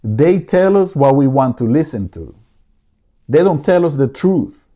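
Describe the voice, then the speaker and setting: Impassioned man with a mellow voice. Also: on the high side, expressive, a little slow. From United States. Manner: emotional, pleading, repeats himself. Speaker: podcast host. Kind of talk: impassioned solo commentary. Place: living room.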